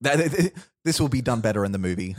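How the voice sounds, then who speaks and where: Talking fast in a medium-pitched, animated voice, a man pitches a made-up movie plot to friends in casual chat. He rambles, restarts, and quotes characters, recorded in clean studio sound with no room tone.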